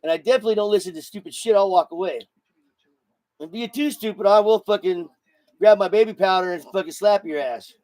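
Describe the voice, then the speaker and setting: A man's voice: sits high, fairly quick, darkish tone, no room sound. A man hosting his own show, delivering a blunt, profane solo political rant and repeating words as he gets heated. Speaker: show host.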